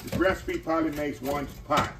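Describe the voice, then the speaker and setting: A man's voice: on the high side, moderate pace, creaky, heavy background noise. A man hosting a casual home cooking demonstration, chatty and folksy, calling his viewers y'all. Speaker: home cooking channel host. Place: home kitchen.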